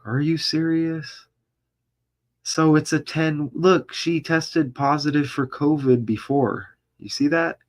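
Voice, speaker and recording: A man's voice: fairly high pitch, a little slow, hardly any pauses. A man vlogger reading a news article aloud and breaking off into commentary, stumbling over names and asking rhetorical questions.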